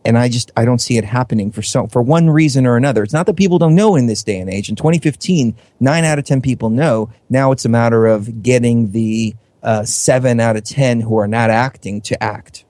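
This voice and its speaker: A man, a guest on a talk radio show, making an earnest, steady argument. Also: mid-range voice, brisk, hardly any pauses, no room sound. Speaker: fellow radio host, guest. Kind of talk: casual talk radio chat.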